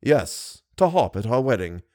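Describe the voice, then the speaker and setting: A man voicing a coldly deliberate masked menace. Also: mid-range voice, very animated, a little mellow, no room sound, clean studio sound. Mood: coldly menacing. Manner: slow, deliberate, icily composed. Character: cold, menacing masked male genius, calm.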